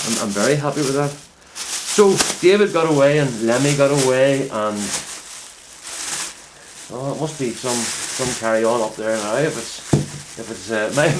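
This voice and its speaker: A middle-aged man rambles to his camera from inside a greenhouse, drifting from one reflective thought to the next in an easy, chatty way. His voice sits in a middling range, and a light background hiss runs under his words. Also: medium pitch. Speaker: home potato grower vlogger. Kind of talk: casual talk to camera.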